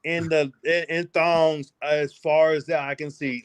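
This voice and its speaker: A man from the United States, a podcast guest and travel vlogger, talking in a casual interview with boastful, animated, slangy storytelling. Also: a little high, brisk, few pauses, dry recording.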